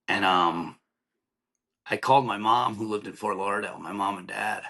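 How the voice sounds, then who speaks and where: A man in his thirties, a podcast guest, telling a painful personal story in a halting, emotional way with many restarts. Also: on the low side, vocal fry, bright, forceful tone, rough recording.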